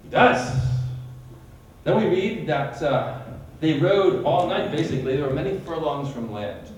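A man leads a Bible study in sermon style, retelling vividly and quizzing his listeners by name as he teaches the group. His voice is on the high side, expressive, and measured in pace, captured from far off in an echoey room.

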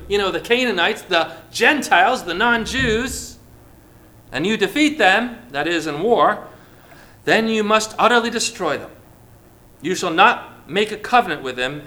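Bright-voiced man preaching a lively sermon. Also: high-pitched. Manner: lively preaching, calls on listeners by name. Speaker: pastor.

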